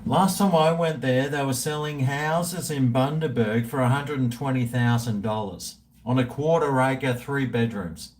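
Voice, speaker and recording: Man, Australian accent, tipsy, unhurried drawl, rambling, profane, live-stream host. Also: mid-range voice, a little mellow. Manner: rambling and profane, reading out viewer chat. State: tipsy from drinking. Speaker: livestream host. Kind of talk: casual live-stream chat.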